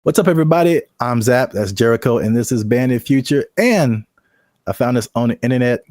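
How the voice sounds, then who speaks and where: A man's voice: medium pitch, animated, brisk, darkish tone, slight background noise. A man hosting a podcast, chatting casually in a teasing, upbeat way. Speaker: podcast host. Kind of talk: casual chat.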